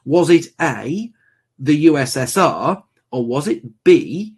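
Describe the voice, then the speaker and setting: A man hosting a book discussion, speaking deliberately and building his points with emphasis. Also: a little high, big pitch swings, darkish tone, husky.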